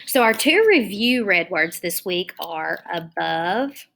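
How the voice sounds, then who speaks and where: Slow, bright-voiced woman teacher. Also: lowish voice, lively intonation, creaky. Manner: slow, deliberate dictation, spelling words aloud letter by letter. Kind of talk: online lesson for young children.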